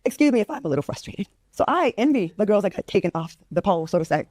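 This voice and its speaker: A woman's voice: mid-range voice, sing-song, fast talker, a little mellow, no room sound, studio quality. A woman in her fifties from the United States, venting with exasperated emphasis as a guest on a talk show. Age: 50s.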